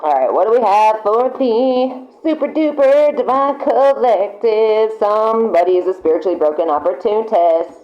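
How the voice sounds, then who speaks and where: Excitable swearing woman reading tarot. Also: on the high side, moderate pace, few pauses, highs cut off. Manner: excitable, chatty, swears freely, laughs often. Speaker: tarot reader. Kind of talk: casual tarot reading to camera. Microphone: camera mic.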